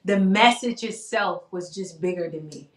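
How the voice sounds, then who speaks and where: A woman's voice: lowish voice, normal speed, roomy sound. A woman guest on a live-streamed interview, talking openly and animatedly about her path. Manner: animated, warm-hearted, calls people baby. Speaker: guest, talk show host and coach. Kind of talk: casual interview conversation.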